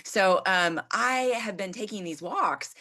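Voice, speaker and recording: A middle-aged woman, a therapist and coach, telling a candid story in an animated, self-deprecating way and acting out her own frustrated outbursts. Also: mid-range voice, takes it slowly.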